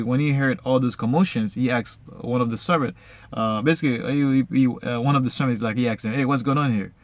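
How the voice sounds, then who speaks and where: A man reading Bible verses slowly, then retelling each one casually in everyday slang. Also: mid-range voice, dry recording. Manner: frequent fillers and restarts, says basically a lot. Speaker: Bible reader and explainer. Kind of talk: casual Bible study talk.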